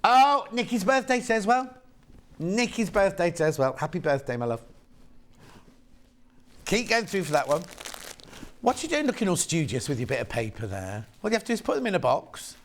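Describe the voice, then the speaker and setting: British guy hosting a shopping show, chatty and camp, voice bouncing up and down, kinda high for a guy. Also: a little fast, pauses often, a little hiss or hum. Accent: British English. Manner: chatty, camp and lively, reads out viewer messages. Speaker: shopping channel presenter. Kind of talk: live TV sales chat. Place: TV studio.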